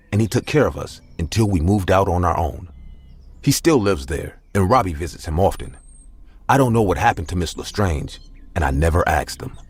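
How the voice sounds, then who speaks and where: A man telling a first-person story in an expressive, steady way. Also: deep voice.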